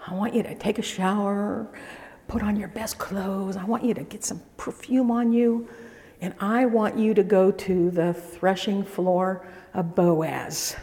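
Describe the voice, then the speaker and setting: A woman's voice: medium pitch, steady tone, a little slow, dark tone, close to an everyday voice. A woman preacher voicing an older widowed mother-in-law who gives firm, matter-of-fact instructions. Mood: instructing. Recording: echoey hall reverb.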